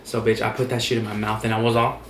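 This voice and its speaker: A young man telling a story in a casual vlog, animated and profane, acting out the quotes. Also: lowish voice, fast, echoey room, slight background noise. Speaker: vlogger.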